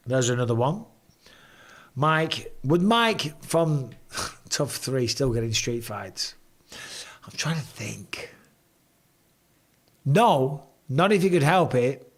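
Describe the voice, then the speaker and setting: A man hosting a casual live stream from home, chatting and reading viewer comments aloud with quick banter. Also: fairly high pitch.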